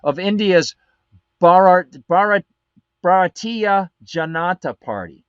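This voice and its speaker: A man's voice: high-pitched, takes it slowly, clear, resonant tone, no echo, highs cut off. A man hosting a live political commentary show, reading documents aloud and breaking off with sarcastic asides. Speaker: show host.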